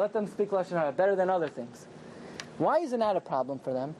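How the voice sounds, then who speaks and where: A man's voice: high-pitched, slight background noise. A man teaching an evening Torah class to a small live group, joking and firing questions at them. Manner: animated, questioning the audience and joking. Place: small room with a live audience.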